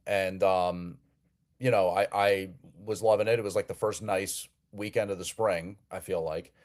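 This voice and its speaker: Lower-voiced chatty man hosting a call-in. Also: fairly even intonation, normal speed, a little mellow. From New Jersey. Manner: chatty, repeats words as he restarts. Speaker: live show host. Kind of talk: casual live call-in chat.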